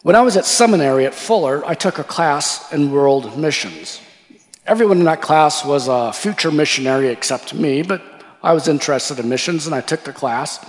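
A male pastor preaches in a storytelling style. His voice sits somewhat high for a man, and he acts out the voices of the people in his story. A long reverb trails each phrase, as in a large church sanctuary. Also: normal speed. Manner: animated storyteller, acting out quoted voices. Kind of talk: sermon storytelling.

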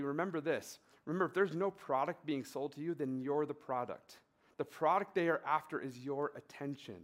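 A man in a mid-pitched voice giving a conversational sermon, telling a personal story with fillers and building emphatic repetitions. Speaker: pastor.

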